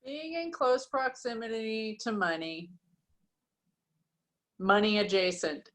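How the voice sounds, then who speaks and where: Woman hosting a storytelling night, talks slow, kinda high voice. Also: a bit bright. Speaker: host. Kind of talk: live event hosting.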